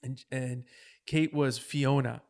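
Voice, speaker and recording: A woman host reminisces in a relaxed interview, her voice slightly gravelly. She tells stories with energy and lively pacing. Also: slow pace. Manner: animated storytelling, acts out voices with high pitch jumps.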